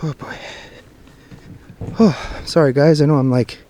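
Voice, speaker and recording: A jittery man talks into a handheld camera as he hurries through a forest at night. His voice is dark and mellow, often dropping to a mutter between sighs. Faint outdoor noise and rattling sit behind him. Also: on the high side, steady tone, measured pace. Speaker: paranormal vlogger. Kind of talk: nervous first-person vlog narration. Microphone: handheld camera mic while walking.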